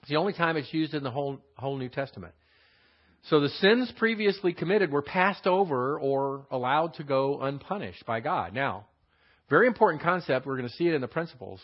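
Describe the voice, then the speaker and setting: A man's voice: fairly high pitch, animated, a little fast. A man teaching a verse-by-verse Bible study, explaining words and asking rhetorical questions with many fillers. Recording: dull lo-fi sound.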